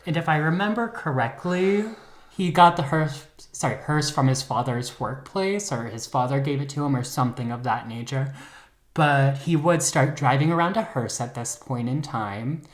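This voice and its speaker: A man's voice: medium pitch, expressive, moderate pace. A man co-hosting a podcast, telling a true-crime story in a campy, joking, casual way. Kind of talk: casual chat. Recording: roomy echo.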